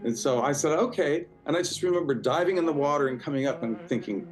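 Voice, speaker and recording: A man's voice: mid-range voice, fast talker, faint music behind, low-quality recording. A man in his sixties, a guest in a casual interview, telling stories in a chatty way with many fillers and restarts. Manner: warm, chatty, full of fillers and restarts, acts out quoted voices.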